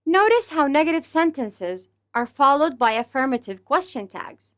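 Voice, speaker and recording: A woman teaching an English grammar lesson to pupils, speaking slowly and deliberately and exaggerating the rise and fall of example phrases. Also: high-pitched, very animated, fairly bright tone. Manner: slow, deliberate delivery, speaking to pupils as a class; exaggerated rising and falling intonation on example phrases.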